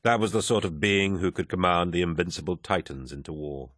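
A man narrates an audiobook from a script in a measured, even storytelling manner. His voice sits low, and the recording is dry with clean studio sound.

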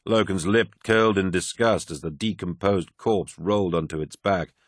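A man narrating an audiobook in a measured, grave manner. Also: low-pitched, fairly bright tone, dry recording, studio quality.

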